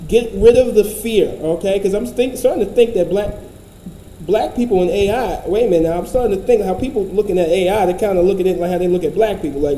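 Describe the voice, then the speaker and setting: A man's voice: high voice, fast, dark tone, reverberant, a little hiss or hum, poor audio. A man giving casual commentary, profane, blunt and rambling.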